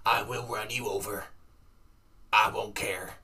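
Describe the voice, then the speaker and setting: Man doing a grumpy old honey badger, bright raspy voice, set back from the mic, gruff and threatening. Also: lowish voice, fairly even intonation, measured pace, recorded from a distance, exaggerated voice. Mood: cranky. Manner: gruff, threatening, rambling with fillers. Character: cranky old male honey badger, retired driver.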